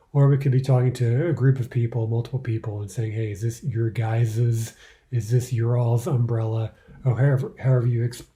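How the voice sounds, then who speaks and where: A man teaching a recorded language lesson, explaining in English and reading out example phrases slowly. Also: mid-range voice, mellow.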